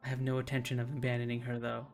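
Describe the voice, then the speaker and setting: A man's voice: mid-range voice, monotone, racing, faint music behind. A man streaming, reading a visual novel's narration aloud in a casual way, often restarting and stumbling over words.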